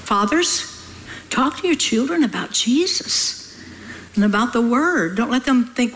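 A woman's voice: fairly high pitch, expressive, slow, a bit bright, rough recording. An older woman preaching a sermon in a folksy, emphatic way, scolding her listeners with humor.

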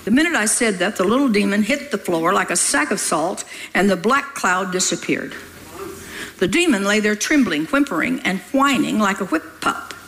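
A woman preacher telling a story from the pulpit, lively and teasing, scolding with laughter. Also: medium pitch, moderate pace, slight background noise, low-quality recording. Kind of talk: sermon storytelling.

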